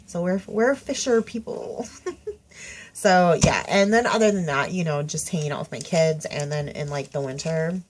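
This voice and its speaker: A woman's voice: low-pitched, moderate pace. A woman, stuffy-nosed, rambling through a casual tag video at home with lots of fillers and self-corrections. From Minnesota. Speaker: craft vlogger. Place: home craft room.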